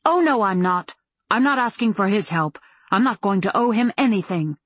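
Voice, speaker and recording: A prickly, proud young woman from an audiobook, voiced by a woman reader with sharp, sarcastic defiance. The husky delivery sounds dry and close to the mic. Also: medium pitch, expressive, normal speed, dry recording. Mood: bitter.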